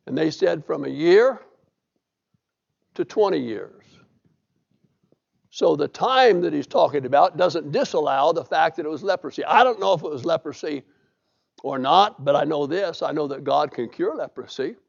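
Gravelly high-voiced preacher. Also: male voice, expressive, normal speed, long pauses. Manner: folksy storytelling, reads scripture aloud. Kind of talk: sermon. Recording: dull lo-fi recording.

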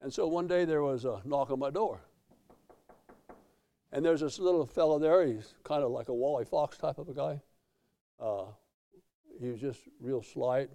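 A middle-aged American man preaching a sermon, telling folksy stories and swelling loud in praise. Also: mid-range voice. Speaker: pastor.

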